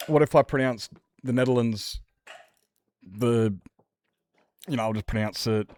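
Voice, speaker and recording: A man streaming a game chats casually with his viewers, rambling and arguing and swearing every so often. His voice is mid-range and darkish, and he keeps a measured pace.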